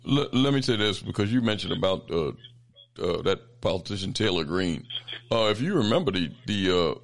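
A man hosting a call-in radio show, speaking haltingly with fillers. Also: low voice, expressive, gravelly. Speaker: radio host.

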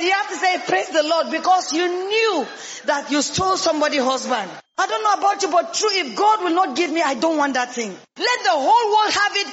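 A man with a Nigerian English accent preaching a sermon with emphatic rhetorical questions and sudden shouted lines. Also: extremely high pitch. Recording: long hall reverb, dull lo-fi sound.

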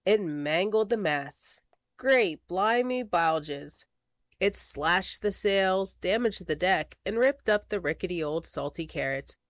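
A woman reading a children's picture book aloud, expressive and slowing for dramatic words. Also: medium pitch, no room sound. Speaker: storybook reader.

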